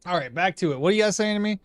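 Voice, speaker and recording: A game streamer chatting casually with viewers while playing, animated and talkative, breaking off to coo at a pet at home. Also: medium pitch, no echo. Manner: animated, chatty, talks to chat and coos at a pet.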